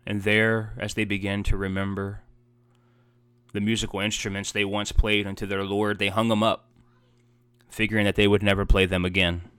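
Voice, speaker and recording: A man's voice: fairly low pitch, level tone, normal speed, a bit bright, clear, resonant tone, no echo. A man preaching a heartfelt sermon as a pastor, earnest and emotional, building emphasis through repeated phrases.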